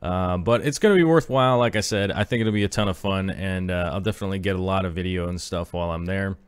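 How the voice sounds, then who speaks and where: Low-voiced guy in his 30s rambling on a live stream, lots of ums, reads chat out loud, dry close mic. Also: quick pace, clear, resonant tone, dry recording. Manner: rambling, filler-heavy, reads chat aloud. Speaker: aquarium channel host.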